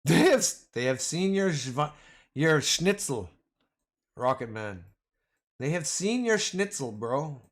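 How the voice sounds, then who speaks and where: A man's voice: fairly high pitch, sing-song, slow. Guy rambling on a livestream, jokey and slangy, voice jumping all over. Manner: rambling, joking, slangy, calls viewers boys and man. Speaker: livestream host. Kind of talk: casual livestream chat.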